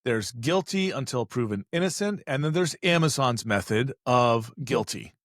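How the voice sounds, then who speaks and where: Animated joking man, dry close sound. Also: mid-range voice, normal speed, dry recording. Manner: animated storyteller, acts out voices, joking asides. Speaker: e-commerce expert. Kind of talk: casual podcast conversation.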